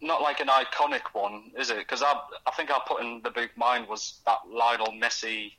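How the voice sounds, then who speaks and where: Bright-voiced young man. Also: mid-range voice, vocal fry, poor audio. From North East England. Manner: halting, many restarts, acts out quoted voices. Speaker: guest author. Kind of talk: casual radio interview. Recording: radio studio.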